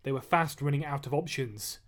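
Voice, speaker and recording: Man reading his own novel aloud. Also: fairly high pitch. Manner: chatty and relaxed in the greeting, steady and measured when reading. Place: at home. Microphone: webcam or phone mic.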